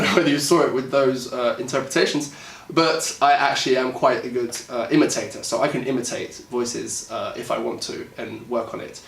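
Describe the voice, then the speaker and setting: A man with a British accent talking casually about how he interprets a song, thinking aloud with lots of fillers and pauses. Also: medium pitch, recorded from a distance. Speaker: singer and music YouTuber. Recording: echoey room, voice a bit off-mic.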